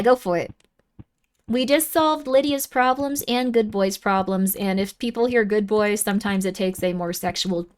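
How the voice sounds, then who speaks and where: A woman streamer giving casual live game commentary in a bubbly, goofy, self-deprecating way. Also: a little high. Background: faint game music.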